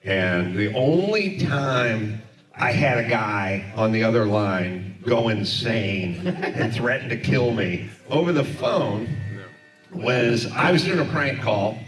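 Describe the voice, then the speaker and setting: A man's voice: medium pitch, expressive, slow pace, over music. A middle-aged man hosting, telling a rambling comic story in front of a live audience. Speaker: comedy podcast host. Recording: echoey live room, far mic, audience.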